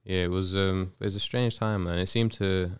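A man hosting a podcast, relaxed and casual, asking questions and listening. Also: deep voice, normal speed, smooth, no room sound, clean studio sound. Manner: laid-back, listens with frequent "mm". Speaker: podcast host. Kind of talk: casual interview chat.

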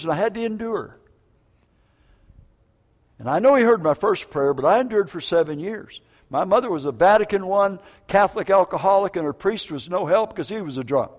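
An older man preaching with a high, bright-edged voice. He tells stories in an animated, joking way, tripping into stammered restarts. The sound rings with the long reverb of a church hall. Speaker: prison minister. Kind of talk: preaching a sermon.

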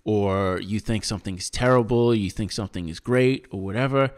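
An American man from the United States co-hosts a podcast in a lowish voice at normal speed. He offers earnest opinions in casual conversation, frequently restarting his sentences.

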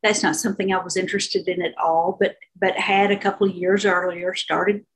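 A woman's voice: fairly low pitch, flat delivery, fairly quick, slight background noise, rough recording. A woman author over fifty, talking unhurriedly about her novel in an interview, with fillers and restarts. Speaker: author guest.

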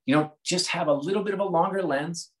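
A man's voice: high-pitched, fast, rough recording. A man in his forties from the United States, speaking candidly and reflectively as an interview guest, often restarting his sentences. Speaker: guest, sports executive. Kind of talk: conversational interview.

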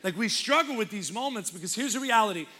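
Bright, lively young preacher man. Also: high voice, fast. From Texas. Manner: animated, joking preacher calling for crowd response. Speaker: guest pastor. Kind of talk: energetic sermon. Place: church auditorium.

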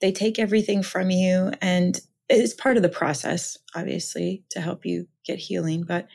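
A woman's voice: lowish voice, flat delivery, moderate pace, vocal fry, darkish tone, breathy edge. A woman, an author and counselor from Minnesota, telling her own story as a podcast guest in an earnest, reflective way. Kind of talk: personal testimony in conversation.

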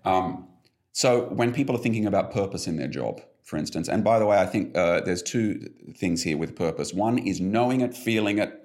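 Gravelly low-voiced man telling stories. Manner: animated storyteller, emphatic. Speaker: guest, behavior coach. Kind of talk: podcast conversation.

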